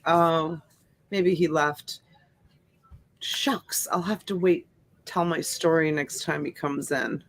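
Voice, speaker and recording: A woman's voice: low-pitched, fairly even intonation, slow pace, long pauses, dry recording. A middle-aged woman, born in Sicily and raised in the US, hosting a casual livestream and greeting viewers by name. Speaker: livestream host. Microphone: desk USB mic.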